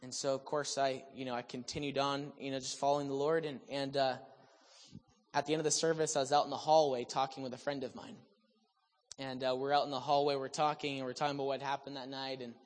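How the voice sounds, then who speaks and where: A man preaching a sermon, telling a healing story with animated delivery that swings from loud excitement to hushed, sober moments. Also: mid-range voice, quick pace. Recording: long reverb of a large hall.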